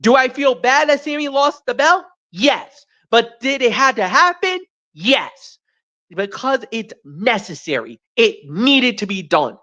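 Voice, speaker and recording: A woman's voice: on the high side, expressive, unhurried, bright, forceful tone. A woman co-hosting a wrestling show, giving blunt, emphatic opinions in a ranting manner. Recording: dull lo-fi stream audio.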